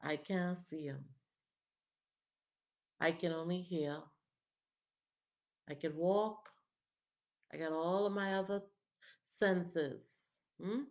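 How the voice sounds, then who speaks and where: A woman's voice: fairly low pitch, steady tone, lo-fi sound. A woman acting as a pleading blind beggar man. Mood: lamenting. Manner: pleading, halting.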